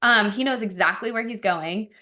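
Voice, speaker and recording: Woman, podcast co-host, casual chat, chatty storytelling, lots of fillers, bright voice. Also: mid-range voice, normal speed.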